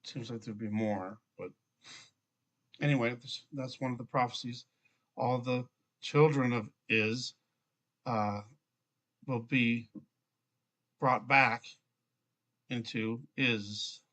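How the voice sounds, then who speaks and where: A man reads scripture aloud at home with a middle-pitched, everyday voice. He goes through each verse slowly and steadily, now and then stumbling over a name. Between passages he stops to make a few plain comments. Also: fairly even intonation, a bit bright, low-quality recording. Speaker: bible reader.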